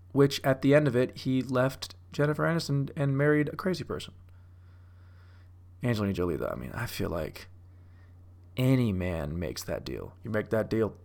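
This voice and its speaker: A man's voice: mid-range voice, gravelly, fairly bright tone. A young man riffing casually on movies, profane and self-mocking, like a comic doing a bit. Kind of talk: casual rambling commentary.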